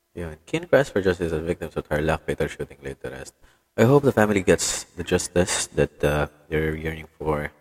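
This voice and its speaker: A man's voice: sits low, breathy edge, long reverb tail. A Filipino man with a Filipino accent hosting a casual solo podcast, rambling, switching languages and swearing often as he reads the news. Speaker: podcast host.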